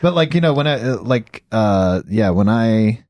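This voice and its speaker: A low-pitched man talks loosely and rambles, full of fillers and restarts. He sits at a desk mic in a room with a dry, close sound. He hosts a podcast in casual chat. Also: expressive, measured pace, darkish tone, no echo, highs cut off. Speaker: podcast host.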